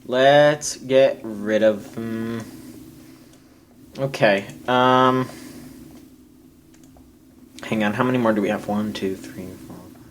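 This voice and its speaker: A man moderating a casual panel discussion, keeping the list moving in a low-key way. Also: a little hiss or hum. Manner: slow, organizing, low-key. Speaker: podcast moderator.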